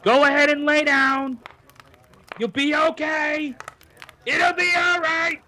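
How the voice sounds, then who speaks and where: Loud New York nag, New York accent, shrill and very high, bossy, fussing. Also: male voice, little pitch movement, slow, slight background noise, exaggerated voice. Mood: nagging. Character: loud nagging adult male New Yorker.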